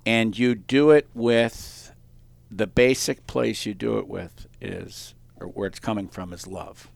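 A man's voice: fairly low pitch, steady tone, takes it slowly, creaky, dry recording. A middle-aged man hosting a podcast, chatting casually and telling rambling stories with many restarts. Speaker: podcast host. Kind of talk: casual interview chat.

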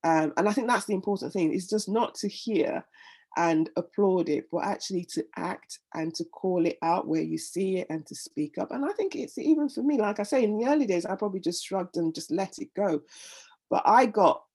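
Speaking at a moderate pace with lively intonation, this middle-aged woman has a medium-pitched, darkish voice with a breathy edge. As a guest in a candid personal interview, she earnestly recounts her own story, often repeating words as she works through her thoughts.

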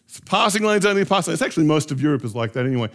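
Animated high-voiced male storyteller. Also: fast. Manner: animated, laughing anecdotes. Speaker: speaker. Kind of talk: storytelling talk.

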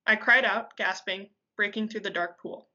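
A woman reading a dramatic story aloud with intensity, pausing now and then to correct herself. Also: medium pitch, steady tone, pushed and bright, lo-fi sound. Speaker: reader. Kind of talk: amateur audiobook reading.

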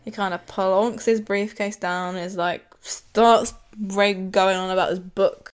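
A young woman chats through a TV episode recap as co-host. She laughs often and slips into the characters' lines as she retells scenes. Her voice sits at an ordinary middle pitch. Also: steady tone, a little slow, clean tone. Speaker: podcast co-host. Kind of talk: casual recap chat.

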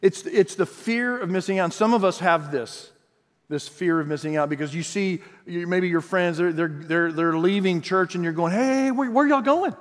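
Brief: animated high-voiced man preaching a sermon, echoing church hall. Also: normal speed. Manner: animated, acts out quotes in voices. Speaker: pastor.

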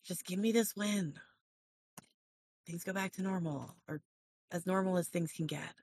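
A player voicing a weary female supervillain in a put-on French accent, speaking quietly and slowly with resigned menace during a tabletop game. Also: mid-range voice, no room sound, studio quality. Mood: quietly menacing. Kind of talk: tabletop role-play.

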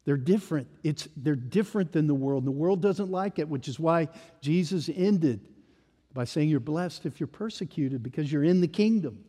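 A man preaching a sermon in an emphatic way, often dropping to a hush at the ends of phrases. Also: on the high side, animated, normal speed, in a large hall.

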